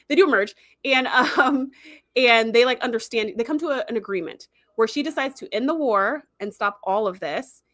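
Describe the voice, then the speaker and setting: A woman hosting a livestream, recapping a show in a chatty, animated way full of "like" and "um.". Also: medium pitch, no room sound, studio quality. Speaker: livestream host. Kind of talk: casual episode recap.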